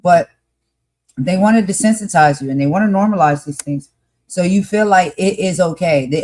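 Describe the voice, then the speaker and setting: A woman's voice: lowish voice, normal speed, darkish tone. A woman co-hosting a live podcast discussion, talking passionately and emphatically and repeating her points for force.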